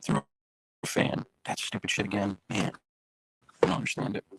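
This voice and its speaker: A man with a raspy voice hosting a casual livestream, chatting loosely and directly to his viewers over a phone. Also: on the low side, completely flat delivery, moderate pace, poor audio. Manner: rambling, chatty, talks straight to viewers. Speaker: livestream host.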